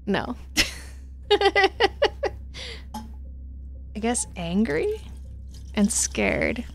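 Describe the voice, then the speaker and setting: A woman streaming a text game, reading it aloud with snarky, laughing asides, her voice going hoarse. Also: mid-range voice, lively intonation, moderate pace.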